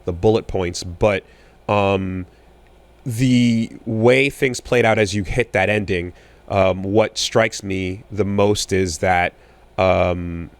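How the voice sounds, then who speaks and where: Rambling low-voiced man with many fillers. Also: takes it slowly. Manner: rambling, many fillers and restarts, animated when riled. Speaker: podcast co-host. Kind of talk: casual chat.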